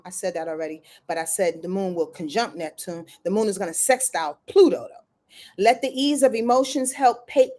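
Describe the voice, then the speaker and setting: A woman's voice: a little high, darkish tone. A woman astrologer talks through her weekly forecast in a casual, slangy way. She speaks right to her viewers, throws in swear words and laughs here and there.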